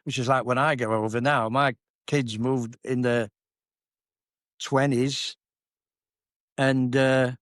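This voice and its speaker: A man's voice: mid-range voice, flat delivery, takes it slowly, pauses often, no echo. An older man with a broad Yorkshire accent tells self-deprecating anecdotes in an easy, conversational way. His voice sits in a middle register. The sound is close and dry, with no room around it. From Yorkshire, England. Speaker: guest, singer and comedian. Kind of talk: casual interview storytelling.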